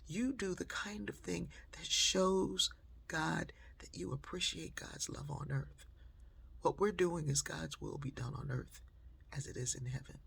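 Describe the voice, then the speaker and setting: A woman speaker telling an inspirational story in an animated way, acting out dialogue and often dropping to a whisper. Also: low-pitched, vocal fry, slightly rough. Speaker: motivational speaker.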